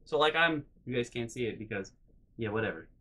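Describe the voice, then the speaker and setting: Young male storyteller, rambling and animated, bright voice with a swinging pitch. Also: a little fast. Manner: rambling, animated, with loud acted-out outbursts. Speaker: storytelling vlogger. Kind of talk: comedic personal storytelling.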